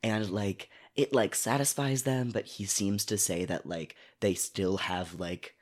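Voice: deep voice, fairly even intonation, measured pace. A co-host recapping a book in a casual chat, rambling with many fillers and sounding exasperated.

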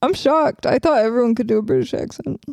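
A woman's voice: fairly high pitch, sing-song, fast, gravelly, mellow, no room sound, studio quality. A woman in her twenties co-hosting a podcast, chatting in casual, giggly, joking banter. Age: 20s. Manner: giggly, jokey. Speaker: podcast co-host.

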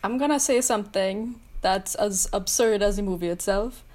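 A woman's voice: medium pitch, normal speed, a little mellow. A woman co-hosting a podcast, giggling often as she talks about a movie. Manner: giggly, playful. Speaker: podcast co-host. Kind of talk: casual movie discussion.

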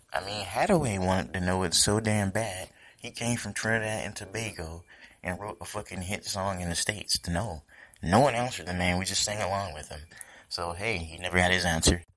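A man hosting his own podcast alone from his kitchen, talking in a profane, rambling, joking monologue. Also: low-pitched. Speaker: podcast host. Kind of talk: casual solo podcast monologue. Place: home kitchen.

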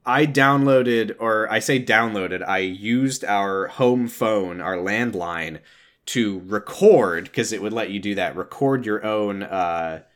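A man's voice: fairly low pitch, takes it slowly, fairly bright tone. A man co-hosting a podcast, telling stories in a rambling, self-interrupting way. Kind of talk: casual chat.

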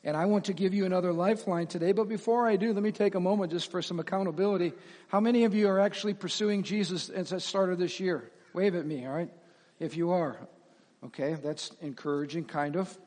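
A man preaching as pastor to his congregation, animated, asking them questions and laughing at himself. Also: high-pitched, fast talker. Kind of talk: sermon. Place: church sanctuary with reverb. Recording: long hall reverb.

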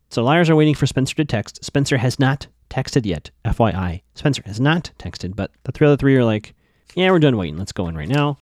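A man's voice: mid-range voice, a little mellow, dry recording, studio quality. Chatty man recapping an episode. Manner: chatty, offhand, with many fillers.

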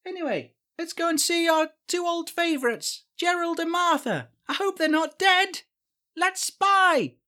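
A woman's voice: very high-pitched, lively intonation, measured pace, bright, forceful tone, full character voice. A woman voicing an odd, creepy boy who hosts a spy podcast, rambling and awkward with lots of fillers. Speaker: podcast host.

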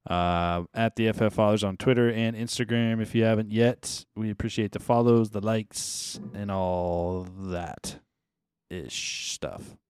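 A man's voice: lowish voice, measured pace, slight background noise. A man hosting a fantasy football podcast, talking casually with many fillers and easy laughs. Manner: relaxed, laughing, filler-heavy. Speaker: podcast host. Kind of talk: casual chat.

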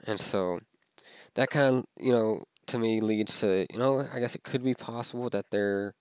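A man's voice: fairly low pitch, moderate pace, a little mellow, clean tone, dry recording. A young man telling a personal story in a casual, rambling way, with many fillers and restarts.

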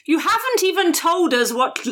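A woman player in a tabletop game, animated and giggly. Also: extremely high pitch, normal speed.

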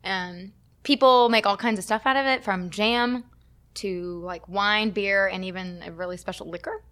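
A woman's voice: mid-range voice, steady tone, normal speed, fairly bright tone. A woman co-hosting a podcast in casual chat, explaining facts playfully and laughing often. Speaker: podcast co-host.

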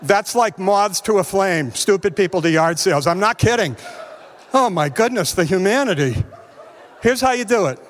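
A man's voice: high voice, lively intonation, normal speed, a faint crowd. A middle-aged man doing stand-up comedy, ranting in an exasperated, sarcastic way.

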